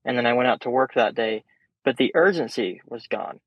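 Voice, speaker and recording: A young man guesting on a podcast, telling stories in a casual, animated way and swearing freely. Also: medium pitch, fairly quick, slightly rough, dry recording. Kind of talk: casual storytelling chat. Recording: dull, slightly muffled sound.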